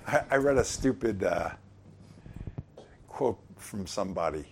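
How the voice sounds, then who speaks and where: A man's voice: low-pitched, animated, a little slow, vocal fry, a little hiss or hum. A man preaching a sermon, reading scripture and explaining it in a conversational way, asking questions of his listeners. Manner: conversational, asks the congregation questions.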